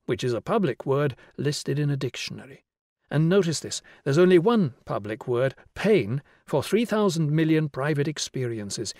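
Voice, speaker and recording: A patient young teacher , as read by a man, talks a class through an idea, with brisk explanations and a light, raised voice. Each point lands with a questioning lift. The voice is dry and close. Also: on the high side, a little mellow, no echo, lightly acted. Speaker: schoolteacher. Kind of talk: audiobook character reading.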